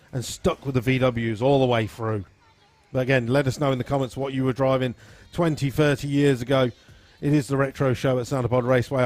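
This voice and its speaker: A man, hosting a live stream in an easygoing, rambling way and reading out viewer comments and shout-outs. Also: mid-range voice. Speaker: live-stream host at a drag racing venue.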